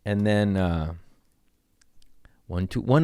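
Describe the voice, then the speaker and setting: Man, low deep voice, casual podcast host, jokey and rambling, dry close sound. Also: animated, normal speed, no room sound. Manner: loose, jokey, swearing, trailing asides. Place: home.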